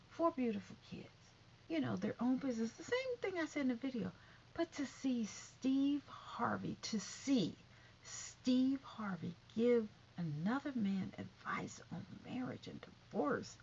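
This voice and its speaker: A woman's voice: on the high side, sing-song, normal speed, darkish tone. A woman vlogger giving sassy casual commentary, calling listeners honey and baby. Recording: dull lo-fi recording with faint noise.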